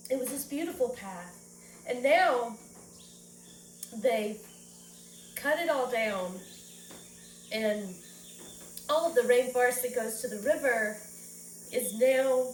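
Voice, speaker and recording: Woman vlogger, slow, rambling and teary; roomy, distant recording with faint background noise. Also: a little high. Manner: rambling, emotional, close to tears. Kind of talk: personal vlog monologue.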